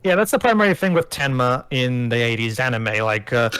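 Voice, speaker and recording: A man's voice: mid-range voice, big pitch swings, fairly quick, a crowd in the background. A man giving casual movie commentary, explaining background lore to friends.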